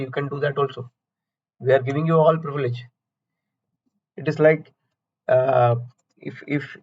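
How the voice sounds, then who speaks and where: A man's voice: a little high, muffled recording. A man teaching a certification course, chatty, asking and answering his own questions with homely analogies. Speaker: instructor. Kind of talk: recorded certification lecture.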